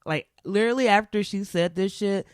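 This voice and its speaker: A woman's voice: mid-range voice, moderate pace, no room sound, clean studio sound. A woman vlogger telling a casual comic story to camera, rambling, swearing casually and laughing often.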